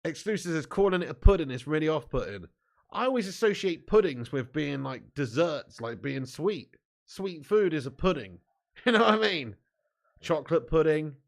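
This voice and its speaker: Man, young adult, livestream host, jokey banter, swears, laughs a lot, slightly high voice. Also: animated, normal speed. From southern England. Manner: banters with chat, laughs often, swears, calls everyone mate. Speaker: fan channel host. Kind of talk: live match watch-along chat.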